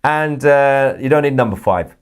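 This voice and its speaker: A man hosting a live news stream, reading chat messages with sarcastic jokes and sudden high-pitched mock voices. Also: animated, normal speed, clean tone. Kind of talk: casual live-chat commentary.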